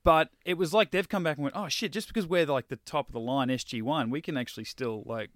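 A man's voice: mid-range voice, quick pace, no room sound. A man co-hosting a casual TV rewatch podcast, reading out an episode summary and chatting loosely. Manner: relaxed, reads episode blurbs aloud. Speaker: podcast co-host. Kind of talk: casual chat.

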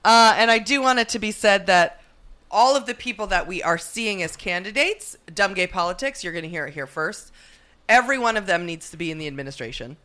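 A woman's voice: mid-range voice, lively intonation, fairly quick, sharp tone. A woman co-hosting a casual political podcast, gushing and playful, laughing often. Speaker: podcast co-host.

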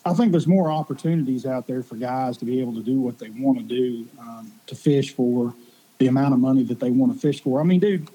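Husky-voiced Tennessee man, easygoing guest. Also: medium pitch, warm tone, low-quality recording. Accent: Tennessee Southern. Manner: easygoing, drawn-out anecdotes with uh fillers. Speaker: veteran pro angler guest. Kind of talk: casual chat.

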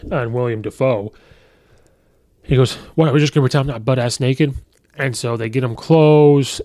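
A man hosting a podcast, recapping a film in a casual, rambling way with many fillers and quick quoted asides. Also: mid-range voice, no room sound, clean studio sound. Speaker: podcast host reviewing a film. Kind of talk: casual movie review.

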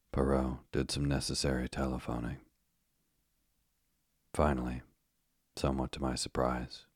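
Very deep, husky sleep-story narrator. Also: male voice, dry recording, studio quality. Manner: calm, even and unhurried.

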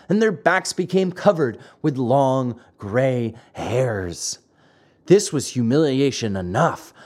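A man reading a classic fairy tale aloud, dramatic and expressive. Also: a little high. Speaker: narrator. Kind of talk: storybook reading.

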